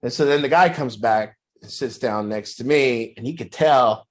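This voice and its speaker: A man in a group rambles through a long story from his own life at a moderate pace. Fillers and restarts are everywhere, and he raises his voice higher whenever he quotes someone.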